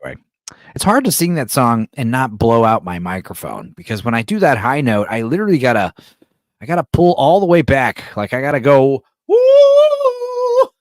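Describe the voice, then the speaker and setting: A man's voice: medium pitch, big pitch swings, fairly quick, no echo, studio quality. Rambling late-night streamer guy. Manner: loose, rambling, reads and answers chat. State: tired, awake at five in the morning. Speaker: livestream host. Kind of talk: late-night livestream chat.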